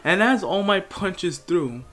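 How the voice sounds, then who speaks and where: A man's voice: high-pitched, lively intonation, slow pace, fairly bright tone. Rambling young man telling a story. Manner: rambling, filler-heavy, laughs often. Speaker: channel host. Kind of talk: casual storytelling.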